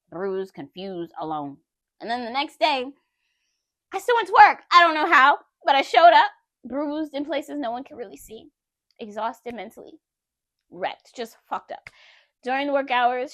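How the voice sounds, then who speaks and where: Candid woman telling her story, higher voice. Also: fairly bright tone, no room sound, clean studio sound. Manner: candid, conversational, addresses viewers directly. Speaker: vlogger. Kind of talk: personal storytelling vlog.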